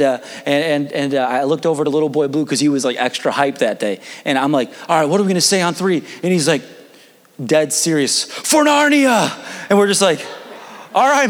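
Young pastor preaching in a reverberant hall. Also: male voice, fairly high pitch. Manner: casual, storytelling, frequent restarts and laughs. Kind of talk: sermon with personal story.

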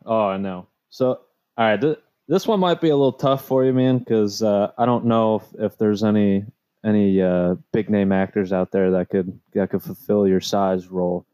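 A man co-hosting a podcast in casual chat, animated and joking, often quoting himself. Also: fairly low pitch, moderate pace, smooth, dry recording, muffled recording. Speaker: podcast co-host.

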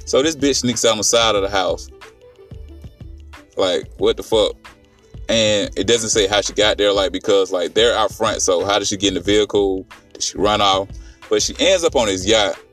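A man's voice: on the low side, normal speed, distant mic, soft background music. A man casually recapping a film on a podcast, rambling and profane, with lots of fillers and restarts. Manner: rambling, profane, animated retelling with many fillers. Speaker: podcast host reviewing a film.

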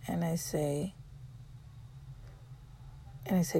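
Slow-talking woman. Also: lowish voice, steady tone, creaky, warm tone, a little hiss or hum. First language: Spanish. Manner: emotional, frank, swears freely. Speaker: mother. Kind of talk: casual personal storytelling.

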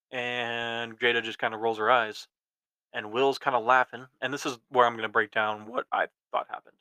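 Bright-voiced young man rambling. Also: medium pitch, level tone, moderate pace, clear, resonant tone, no room sound, poor audio. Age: 20s. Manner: rambling, many restarts and ums. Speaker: podcast host. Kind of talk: casual commentary.

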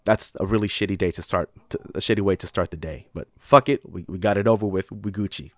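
A man's voice: deep voice, quick pace, dry recording, clean studio sound. A young man tells a rambling, profane story about his retail job, full of fillers and put-on voices. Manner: rambling, heavy on fillers and swearing, acts out voices. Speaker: retail worker telling a story.

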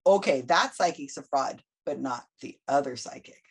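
Lively, husky woman telling stories. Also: a bass voice, moderate pace. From United States. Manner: animated storyteller acting out quoted voices. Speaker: guest. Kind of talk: casual podcast interview.

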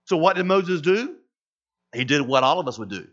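High-voiced pastor preaching, lo-fi sound. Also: male voice, moderate pace. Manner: animated, acts out voices of Moses and God. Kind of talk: sermon. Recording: dull lo-fi sound.

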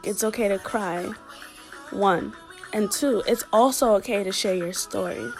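A woman earnestly telling a personal story, halting and emotional as she speaks. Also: medium pitch.

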